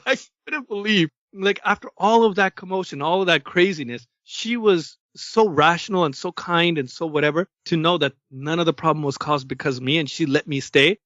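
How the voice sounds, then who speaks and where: A man from Canada co-hosting a podcast, telling a story casually and acting out the quotes with lively energy. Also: a little high, no echo, dull audio. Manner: animated storyteller who acts out quotes. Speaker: podcast co-host.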